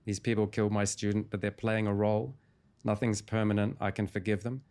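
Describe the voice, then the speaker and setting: A man, a hypnotherapist guest in an interview, calmly retelling a client's session in a measured storytelling way. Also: lowish voice, clear, resonant tone.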